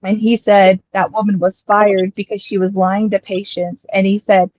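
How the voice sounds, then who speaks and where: A young woman from Colorado casually telling a long personal story, rambling and quoting people in lively asides. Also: mid-range voice, normal speed, no room sound, highs cut off. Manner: chatty, rambling, quotes others in lively asides.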